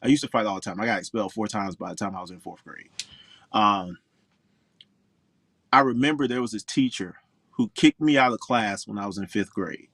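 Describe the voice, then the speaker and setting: A pro golfer in his forties from Orlando, Florida, appears as an interview guest, telling stories in an outspoken, emphatic, animated way. His voice is fairly low with vocal fry, and he talks briskly but leaves long pauses, with no echo in the recording.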